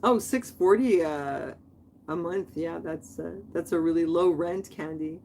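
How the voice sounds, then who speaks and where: A woman's voice: fairly low pitch, a little slow, a little mellow, slight background noise. Chatty, rambling woman livestream host. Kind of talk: casual chat.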